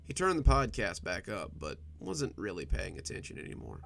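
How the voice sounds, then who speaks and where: A man narrating a scripted horror story in a measured, steady way. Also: lowish voice, creaky. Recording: soft background music.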